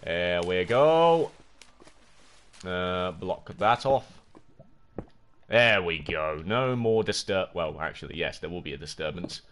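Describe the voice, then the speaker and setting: A man's voice: low voice, slow, pauses often. A young man streaming a video game live, chatting to his viewers and yelping when something startles him. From United Kingdom. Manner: excitable, jokey, talks to chat, yelps when startled. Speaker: gaming livestreamer. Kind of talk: casual live gameplay commentary.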